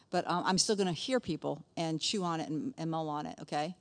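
A woman's voice: on the low side, fairly even intonation, a little fast, few pauses. A middle-aged woman teaching a conversational Bible lesson in a chatty way, often checking in with her listeners.

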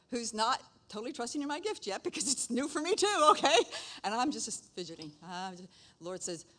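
A middle-aged woman at a mid pitch tells a church story in a casual, lively way. She laughs easily, acts out the voices of the people in it, and keeps the telling animated. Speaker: nurse; speaker sharing testimony.

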